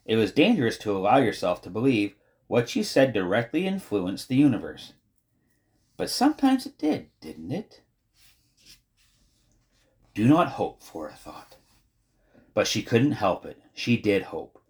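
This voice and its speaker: Expressive male audiobook narrator. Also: lowish voice, moderate pace. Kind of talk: storybook narration.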